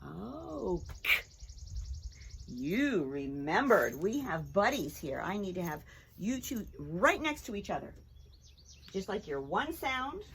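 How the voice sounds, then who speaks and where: Bright, slow-speaking woman teacher. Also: fairly low pitch, slight background noise. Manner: slow, clear and encouraging, sings with the kids. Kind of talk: children's phonics lesson.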